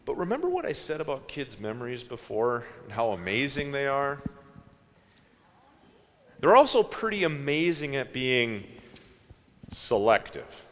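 A man preaching a sermon in a slow, reflective way, asking his listeners questions. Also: medium pitch, sing-song, big-room sound.

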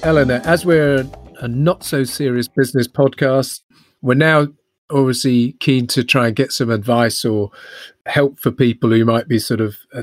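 A man's voice: medium pitch, no echo, clean studio sound. A man co-hosting a podcast, asking long, rambling questions with fillers in a friendly way. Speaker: podcast co-host. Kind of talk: casual podcast interview.

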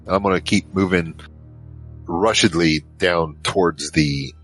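Deep-voiced man playing a tabletop game. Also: soft background music. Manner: earnest, brisk, calls out loudly in character. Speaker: player. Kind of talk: describing his character's actions in a tabletop game.

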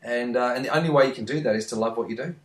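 A man's voice: mid-range voice, rapid-fire, roomy sound. A man, chatting earnestly as a podcast co-host. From Australia. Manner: earnest, emphatic, repeats phrases. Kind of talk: casual podcast chat.

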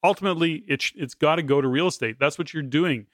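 A man's voice: a little high, fast talker, dry recording, clean studio sound. A man hosting a podcast interview, talking in long, rambling turns with many restarts. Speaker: podcast host.

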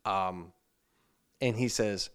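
A man's voice: lowish voice, drawn-out words, a bit bright, clear, resonant tone. A man hosting a podcast, telling a rambling anecdote in casual chat and acting out the messages he quotes. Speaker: podcast host.

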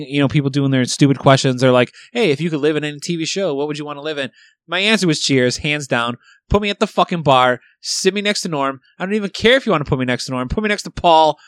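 A man's voice: fairly high pitch, a bit bright, no room sound. A man in casual podcast chat, retelling a favorite sitcom episode in a rambling way, swearing freely and using lots of fillers. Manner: rambling, profane storytelling with many fillers.

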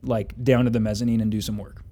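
A man's voice: lowish voice, little pitch movement, fast talker, dark tone. A man telling a long, rambling story in casual chat, with lots of fillers and self-corrections.

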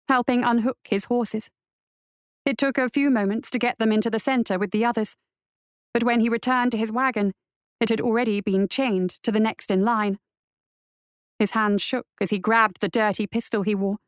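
A woman narrating a western adventure story in a steady storytelling voice. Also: a little high, dry recording, studio quality. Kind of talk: audiobook narration.

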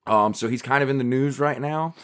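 Male co-host with a Southern US accent, mid-pitched, loose and rambling. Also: brisk, a bit bright, clear, resonant tone. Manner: chatty, rambling with restarts and laughs. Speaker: podcast co-host. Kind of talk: casual chat.

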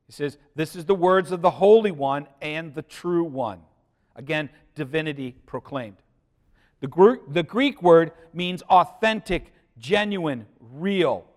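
Male pastor, slightly high voice, sermon delivery with loud emphasis dropping to hushed lines, questions to the congregation.

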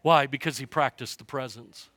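A man preaching a sermon as pastor to his church, passionate and swinging from hushed to loud. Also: mid-range voice, moderate pace, no echo. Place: church sanctuary.

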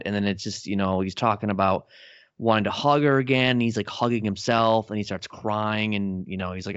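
Low-voiced man rambling about a film. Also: steady tone, brisk, clean tone, dry recording. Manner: rambling, filler-heavy. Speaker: podcast co-host. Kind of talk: casual film discussion. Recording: dull dry lo-fi audio.

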